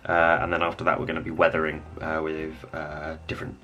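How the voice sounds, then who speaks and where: A man with a very low voice talks through a painting tutorial at home. He rambles a little and thinks aloud as he works. Faint music plays behind him. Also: fast talker, lo-fi sound. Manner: relaxed, rambling, thinks aloud while working. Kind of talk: casual hobby tutorial.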